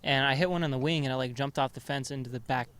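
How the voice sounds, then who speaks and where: A man's voice: medium pitch, fairly even intonation, fast, a bit bright, smooth. A young man hosting a podcast, telling rambling childhood stories in casual chat and swearing a lot. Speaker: podcast host.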